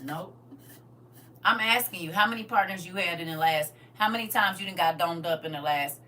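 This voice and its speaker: A woman's voice: fairly low pitch, brisk, bright, forceful tone, slight background noise. A middle-aged woman on a podcast, blunt, sassy and emphatic, giving frank relationship opinions in casual chat.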